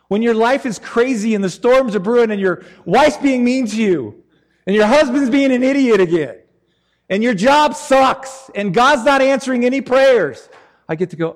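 A man preaching a sermon in an animated, joking, conversational way. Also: very high voice, normal speed, big-room sound.

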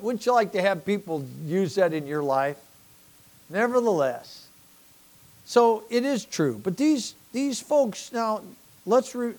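An older man delivers a sermon in a fairly high voice. He wanders into folksy personal stories and acts out the people he quotes, then returns to reading scripture. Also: darkish tone. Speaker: pastor.

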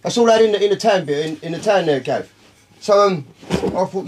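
A man's voice: sits high, expressive, fairly quick, noisy background. A man, telling a long, profane story in casual talk, rambling and calling his listeners by name. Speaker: podcast guest.

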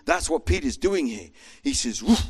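A man preaching a sermon with an animated manner, acting out voices as he tells the story. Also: on the high side, moderate pace. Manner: animated, acts out voices in quotes.

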